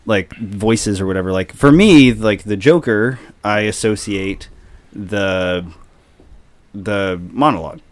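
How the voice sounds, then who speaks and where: A man's voice: lowish voice, slow pace. A man co-hosting a podcast, chatting casually about doing impressions with lots of fillers. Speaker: podcast co-host. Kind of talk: casual chat.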